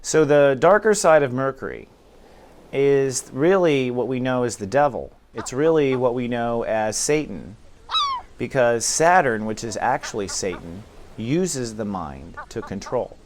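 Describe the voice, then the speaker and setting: A man's voice: mid-range voice, expressive, measured pace, noisy background. A man acting as spiritual teacher, talking casually and acting out inner dialogues in quoted voices. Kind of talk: casual spiritual talk to camera.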